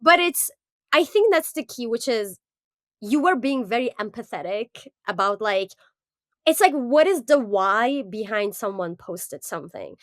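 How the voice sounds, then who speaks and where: A woman co-hosting a podcast in casual chat, earnest and animated, with lots of fillers. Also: fairly high pitch, measured pace, no room sound, clean studio sound. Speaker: podcast co-host.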